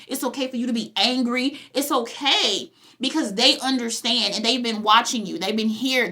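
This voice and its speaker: A woman's voice: on the high side, bright, forceful tone. A woman hosting a vlog, giving casual spiritual advice in a chatty way, repeating herself and often checking in with her viewers. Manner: familiar, addresses viewers as "honey" and "y'all". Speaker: vlog host.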